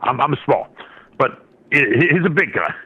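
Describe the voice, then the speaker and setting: A man's voice: medium pitch, sing-song, normal speed, breathy edge. A man guest on a market radio show, telling a trading story in a rambling way, with many restarts and asides. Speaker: guest market analyst and trader. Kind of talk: casual radio interview storytelling. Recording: dull lo-fi line.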